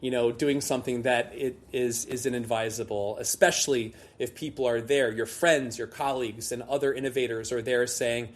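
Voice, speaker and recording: A man's voice: medium pitch, fairly even intonation, normal speed, few pauses. A man, middle-aged, a guest telling a long self-deprecating story in a rambling casual way with many restarts. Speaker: guest, liqueur brand founder.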